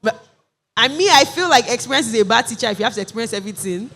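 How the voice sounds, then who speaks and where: A co-host on a panel discussion speaks quickly, cutting in to steer the talk. The voice carries a long reverb, as if the mic is in a large echoing room. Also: mid-range voice, expressive, fairly bright tone.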